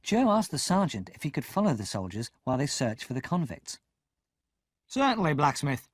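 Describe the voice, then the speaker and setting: A man narrating an audiobook in an expressive storytelling manner. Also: mid-range voice, a little fast, slightly rough, no echo, clean studio sound. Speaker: audiobook reader.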